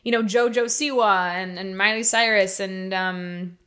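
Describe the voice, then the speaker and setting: A woman performing an improvised comedy scene, loud and indignant as a pushy tourist mother. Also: medium pitch, fairly even intonation, measured pace, smooth.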